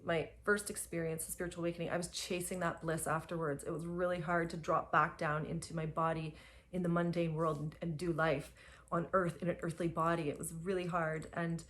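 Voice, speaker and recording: A young adult woman telling a personal spiritual story, emphatic and full of fillers and soft laughs. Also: on the low side, little pitch movement, fairly quick, a little hiss or hum. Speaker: spiritual guide.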